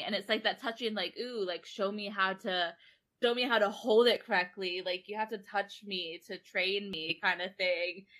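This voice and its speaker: A woman's voice: medium pitch, pushed and bright. A young woman casually recapping a book on a podcast, rambling, laughing and acting out characters' lines. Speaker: podcast co-host. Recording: online call recording.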